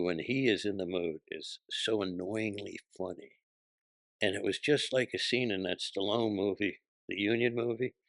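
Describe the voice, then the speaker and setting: A comedian guest on a podcast, a man telling anecdotes in a lively way and acting out the people he quotes. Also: on the low side, vocal fry, no echo. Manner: animated, acts out quoted voices. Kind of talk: storytelling anecdotes.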